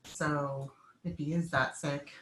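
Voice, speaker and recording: A woman joining a live-stream chat as a viewer guest, speaking in a concerned, soft-spoken way. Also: sits low, steady tone, slow, echoey room, noisy background.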